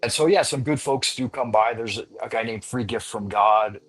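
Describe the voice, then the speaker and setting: A man's voice: mid-range voice, normal speed, a bit bright, breathy edge. A man hosting a live stream panel, talking in a rambling, playful way with many restarts. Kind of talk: casual chat.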